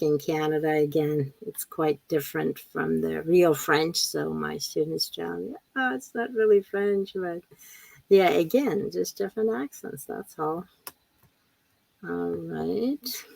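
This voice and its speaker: A woman teacher trainer giving a relaxed live webinar talk, often repeating words and reading chat questions aloud. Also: sits low, creaky, husky, no echo, rough recording. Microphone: computer mic on a video call.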